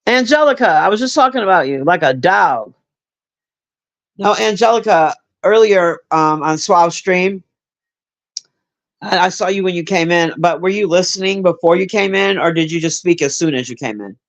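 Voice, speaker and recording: Talking straight to his chat by name, this streamer rambles casually, curses freely, and leans heavily on filler words. He has a high-pitched voice with lively intonation and a moderate pace.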